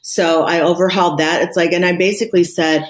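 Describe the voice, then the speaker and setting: A woman with a notably low voice speaks as a podcast guest. She sounds candid and reflective, and she leans into key words with emphasis. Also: steady tone, a little fast. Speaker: interview guest. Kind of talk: podcast conversation.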